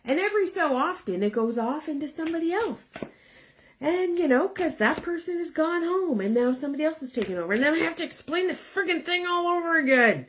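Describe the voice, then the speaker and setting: A woman's voice: high voice, animated, fairly quick, slight background noise. A woman tarot reader chatting casually to viewers, rambling and tagging her points with "right?". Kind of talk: casual live chat to viewers.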